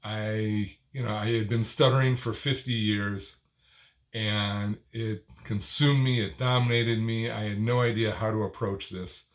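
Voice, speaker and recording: An older man teaching speech technique, talking in short, deliberate phrases with a stressed word near the end of each one. His delivery is expressive and almost sing-song. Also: lowish voice. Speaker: speaking coach. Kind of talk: instructional talk to camera.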